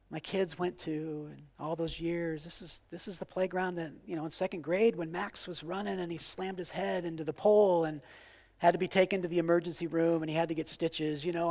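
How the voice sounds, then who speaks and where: A pastor in his forties preaches a passionate sermon, repeating phrases and swinging from loud declarations to hushed, quiet lines. His voice sits a little high, and the sound has a long reverb tail.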